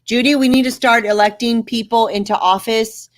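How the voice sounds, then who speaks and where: A woman's voice: a little high, steady tone, normal speed. A woman hosting a political webcast, urging her listeners to act. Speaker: host.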